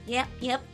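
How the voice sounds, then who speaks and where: A young woman streaming a game, chatting casually and giggling as she greets viewers by name. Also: a bit bright. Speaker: VTuber streamer. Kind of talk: casual live-stream chat.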